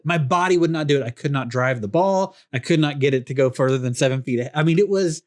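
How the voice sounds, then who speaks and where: A man from East Texas with a matching accent, a pastor hosting a podcast, telling stories in an animated, self-mocking way. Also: a little high, fast, hardly any pauses. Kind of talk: casual chat.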